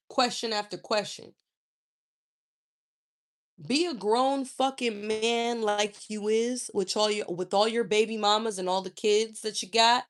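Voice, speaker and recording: Woman, thirties, youtuber, blunt profane rant, unhurried delivery. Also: a little high, steady tone. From Charlotte, North Carolina. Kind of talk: casual storytelling rant.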